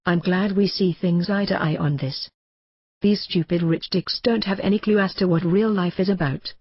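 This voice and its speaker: A brash man narrates his own memoir in a mocking, combative rant. His voice is husky and the sound is bone-dry. The recording is a little dull and muffled. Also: high-pitched, steady tone, normal speed, no echo. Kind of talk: audiobook narration in a ranting radio voice.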